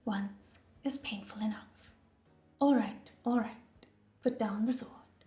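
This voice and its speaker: A playful young man teases with a light, mock-gentle ease, voiced by a woman reading an audiobook. His tone stays breezy and close to her own voice. The sound is roomy, with faint instrumental music underneath. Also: mid-range voice, takes it slowly, natural voice. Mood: teasing. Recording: roomy echo with soft music.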